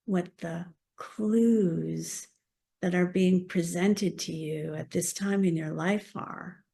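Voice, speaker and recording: A woman minister leading a slow, soft guided meditation during a church service. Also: fairly low pitch, creaky. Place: church service also streamed on a video call.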